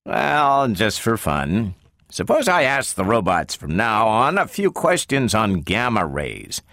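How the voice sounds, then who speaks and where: Man doing a sharp questioning scientist guy, lively up and down voice. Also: fairly low pitch, gravelly, no echo, clean studio sound, voice pushed up, full character voice. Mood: probing. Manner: brisk, probing, sometimes sharp. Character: brisk middle-aged male scientist questioning a robot.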